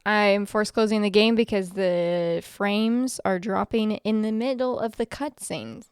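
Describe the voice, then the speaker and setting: A woman's voice: medium pitch, a little slow, clean tone, no echo, clean studio sound. A young adult woman streamer giving casual, chatty gameplay commentary, swearing freely and talking to her chat.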